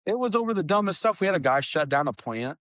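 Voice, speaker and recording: A young man hosting a podcast, telling rambling, profane stories about his trucking job in a casual, animated way. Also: high voice, quick pace, no room sound, clean studio sound. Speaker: podcast host. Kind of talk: casual storytelling chat.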